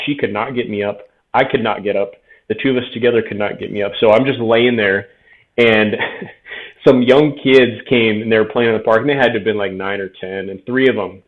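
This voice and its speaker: A man in his thirties, a veteran guest telling his story frankly in a casual interview, often quoting himself. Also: on the low side. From Tucson, Arizona. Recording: tinny phone-like audio.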